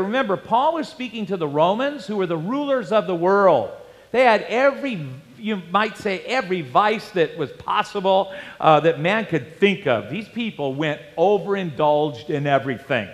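A man's voice: high voice, lively intonation, moderate pace, a bit bright, big-room sound. A man preaching a sermon, telling a personal story in a conversational way and acting out the dialogue. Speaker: pastor.

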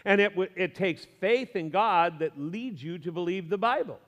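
A male pastor preaching a sermon in a lively, conversational way, with humor and asides to the congregation. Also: fairly high pitch, normal speed, few pauses, long reverb tail, highs cut off.

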